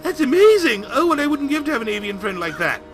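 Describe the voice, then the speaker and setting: Man doing a prim fussy mother, high piping voice, bright tone, prissy manner. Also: sing-song, quick pace, faint music behind, exaggerated voice. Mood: gushing. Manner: prissy, indignant, gushing. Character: prim fussy middle-aged mother, knitting on a train.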